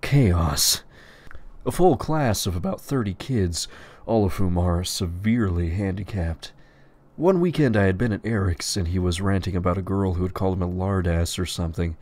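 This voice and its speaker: A man reading crude, profane stories aloud in a deadpan narrating voice. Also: deep voice, normal speed. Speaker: storyteller.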